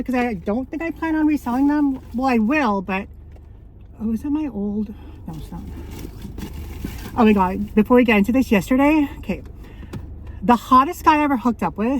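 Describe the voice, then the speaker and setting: A woman in her thirties telling stories in a rambling, casual vlog, often correcting herself and laughing. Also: on the high side. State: out of breath. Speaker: vlogger. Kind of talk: casual chatty storytelling.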